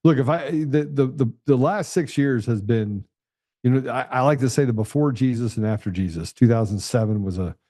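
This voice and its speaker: A man's voice: mid-range voice, a little fast, mellow, no room sound, clean studio sound. A middle-aged male host speaking earnestly in casual conversation, often stumbling and restarting his sentences. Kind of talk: casual interview chat.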